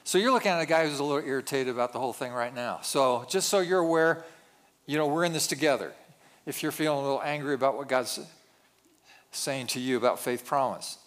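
A man's voice: mid-range voice, brisk, fairly bright tone. A male pastor giving a sermon in a conversational way, with self-deprecating asides.

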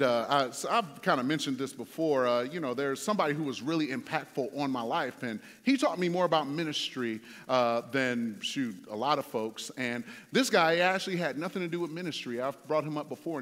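A man's voice: a little high, a bit bright. A man preaching a sermon as a pastor, telling a story in a conversational way with many fillers. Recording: long hall reverb.

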